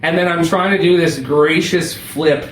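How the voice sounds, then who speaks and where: Animated young paramedic telling stories. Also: male voice, fairly high pitch, measured pace, a little hiss or hum. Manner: animated, laughing, swears freely. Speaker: paramedic guest. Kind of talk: casual storytelling. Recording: roomy echo.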